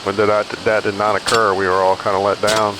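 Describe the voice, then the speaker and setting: A man's voice: fairly low pitch, completely flat delivery, brisk, noisy background. A man casually chatting while playing a survival video game, rambling into storytelling asides. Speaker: gaming streamer. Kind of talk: casual gameplay chat.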